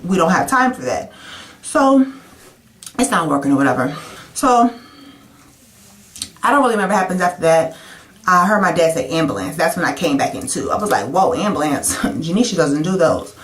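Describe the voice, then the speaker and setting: A woman in her twenties telling a personal story to camera in a chatty, animated way, with many "like" fillers and sudden high jumps when quoting herself. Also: fairly quick, pauses often. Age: 20s. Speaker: vlogger.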